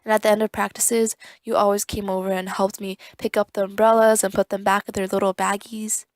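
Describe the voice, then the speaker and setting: A woman's voice: medium pitch, little pitch movement, brisk, no room sound. A young woman giving an earnest, grateful farewell message to a friend. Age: young adult. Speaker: student club member.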